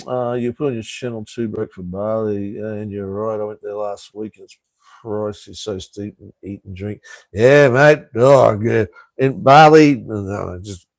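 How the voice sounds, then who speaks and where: A man's voice: lowish voice, darkish tone, no echo. Laid-back Australian man, dry close sound. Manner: laid-back, swears freely, calls viewers mate and brother. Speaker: live-stream host. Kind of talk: casual live-stream chat answering viewer comments. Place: home in Cambodia.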